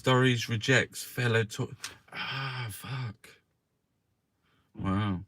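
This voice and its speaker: A man hosting a casual live newspaper review, swearing often and chatting to his viewers with jokey asides. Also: lowish voice. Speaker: livestream host reviewing newspapers. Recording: faint background noise.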